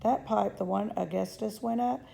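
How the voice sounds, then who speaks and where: A woman's voice: medium pitch, normal speed, gravelly, warm tone. Willy Wonka, as a woman reads him breezy and theatrical. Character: eccentric cheerful male chocolatier, unflappable.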